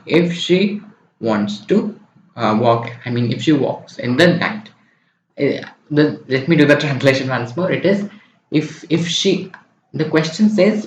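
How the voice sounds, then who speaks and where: In a roomy space, a man gives an online French exam-prep lesson step by step, frequently checking in with "okay?" and "right?". His mid-range voice is animated and his pace measured. There is a little hiss or hum on the dull, lo-fi recording.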